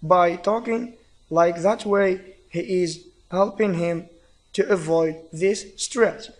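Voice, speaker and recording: A man's voice: high-pitched, takes it slowly. A man with an Algerian accent giving a recorded English lecture, explaining step by step and reading example phrases aloud. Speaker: English teacher.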